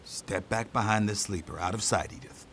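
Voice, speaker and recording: A man playing a calm, kindly train porter who talks patiently and scolds gently in an audio drama. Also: fairly low pitch, moderate pace, slight background noise.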